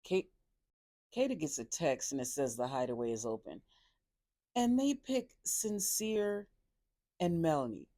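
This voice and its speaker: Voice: mid-range voice, big pitch swings, measured pace, pauses often, mellow, dry recording. A chatty reality show reviewer recaps an episode in a loose, rambling way, full of fillers and restarts. The voice sits in a middle register, recorded dry and close with no room sound. Sarcastic asides cut into the summary.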